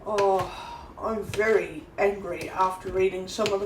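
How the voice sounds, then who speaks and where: A woman's voice: medium pitch, steady tone. A woman venting angrily about her frustrations while making food in her kitchen, swearing and repeating herself. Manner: angry, swearing, slow repetitive venting. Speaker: vlogger. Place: kitchen at home. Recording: roomy, distant, noisy background.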